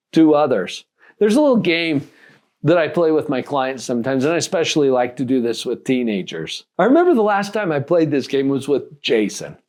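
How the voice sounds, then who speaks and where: High-voiced man, animated coaching talk. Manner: animated, acts out dialogue in different voices; asks the listener rhetorical questions. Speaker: life coach. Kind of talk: motivational teaching talk.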